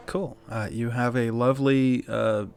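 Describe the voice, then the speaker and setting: A man's voice: mid-range voice, a little slow, vocal fry, soft background music. Laid-back man running a tabletop game. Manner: relaxed, filler-heavy narration. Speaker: game master.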